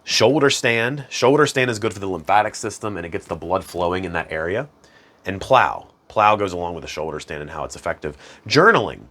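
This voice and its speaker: A man's voice: deep voice, animated, a little fast. A man hosting a self-improvement channel, explaining practices in a casual, conversational way and chuckling at himself now and then. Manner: conversational, chuckles at himself, chants hum softly. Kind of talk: casual instructional talk.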